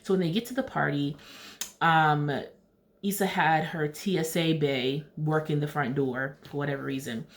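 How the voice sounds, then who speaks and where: Low-voiced woman recapping a TV episode. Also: fairly even intonation, normal speed. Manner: chatty, retells scenes in paraphrased dialogue. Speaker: TV recap vlogger.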